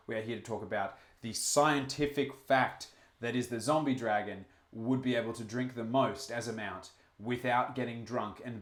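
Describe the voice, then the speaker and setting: A man's voice: lowish voice, reverberant. A man with an Australian accent hosting a live stream, chatting casually with many fillers and restarts and reading out chat comments. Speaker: livestream host.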